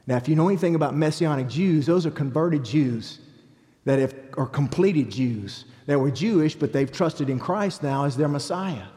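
A middle-aged man preaching a testimony, telling his story in an animated way and acting out what people said. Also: a little high, moderate pace, in a large hall. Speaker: evangelist.

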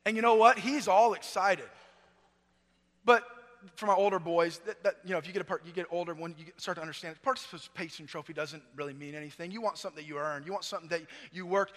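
A middle-aged male pastor preaching a sermon, swinging from loud, emphatic peaks down to hushed, low passages. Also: quick pace. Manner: preaching with sweeping swings in volume, from near-shouts to hushed lows. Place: church sanctuary. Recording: long church-hall reverb.

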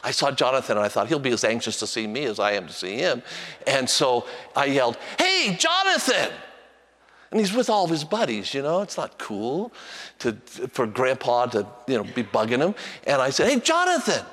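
An older man delivers a sermon as a pastor, moving between hushed, tender prayers and brisk, animated storytelling. His voice sits in an ordinary middle register and carries a long reverb, as if he is preaching from the front of a large hall. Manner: storytelling, animated, voice jumps high when acting out a child.

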